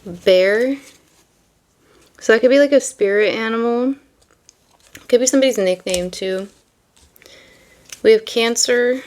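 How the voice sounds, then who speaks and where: A woman's voice: on the high side, measured pace, long pauses, darkish tone. A young woman reading tarot and chatting casually, rambling and full of fillers between card meanings. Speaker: tarot reader.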